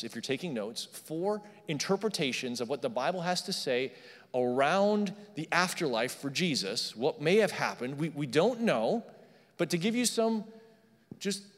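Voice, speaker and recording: Guy preaching a sermon, kinda high voice, keeps checking in w the crowd, echoey sanctuary. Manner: conversational, emphatic teaching with audience check-ins. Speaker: pastor. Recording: long hall reverb.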